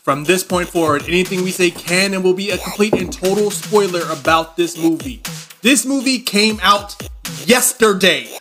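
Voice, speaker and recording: A man hosting a casual movie review podcast, animated and laughing often, reading out a film synopsis. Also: high-pitched, moderate pace, music in the background. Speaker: podcast host.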